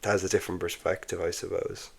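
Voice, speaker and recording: A man's voice: low-pitched, flat delivery, quick pace, creaky, a little mellow, slightly rough. A man, a comedian guest in casual podcast chat, rambling with lots of filler words and laughing often.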